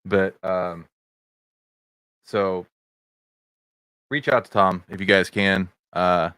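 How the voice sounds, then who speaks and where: A man's voice: sits low, steady tone, takes it slowly, a bit bright, smooth, no echo. A middle-aged man hosting a casual livestream podcast over video chat, rambling with many fillers and greeting viewers in the chat. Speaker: podcast host. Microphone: video chat setup.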